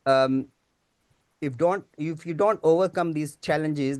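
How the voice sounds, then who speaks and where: A man's voice: mid-range voice, smooth, dry recording, clean studio sound. A man giving a teaching-day lecture, talking hesitantly with many fillers. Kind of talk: conference lecture.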